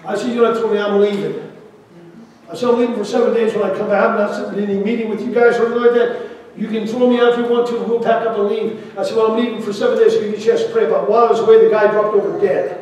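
An older man preaching a testimony sermon, telling a story and swinging from loud to hushed. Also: high voice, little pitch movement, very fast. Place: large church hall. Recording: echoey hall from far off.

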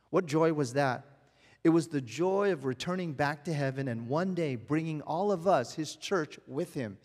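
A male pastor delivers a conversational sermon, asking the congregation question after question. His voice sits a little higher than most men's, and a long reverb trails each phrase from the church hall. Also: darkish tone. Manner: conversational preaching with repeated rhetorical questions.

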